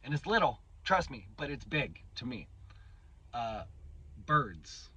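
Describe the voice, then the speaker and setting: Husky man in his 30s, channel host, candid and unpolished, some swearing, on a dull lo-fi recording. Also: medium pitch, sing-song, pushed and bright. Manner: candid, swears casually, halting restarts. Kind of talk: reflective personal monologue.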